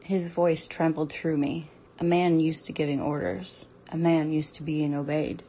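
A young woman performing an intimate audio role-play, reading a story aloud in a halting, breathy voice that often drops to a whisper. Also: low voice, little pitch movement, dark tone, a little hiss or hum.

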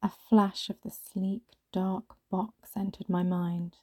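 A woman reading a first-person story aloud in a hushed, often half-whispered way. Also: medium pitch, level tone, takes it slowly, breathy edge, no echo. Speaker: narrator.

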